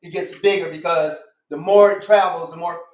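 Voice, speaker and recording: A man talks in a high voice on a casual podcast. He is emphatic and insistent and circles back to repeat his points. The sound is roomy, with a noticeable echo. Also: steady tone, normal speed. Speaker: guest. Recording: echoey room.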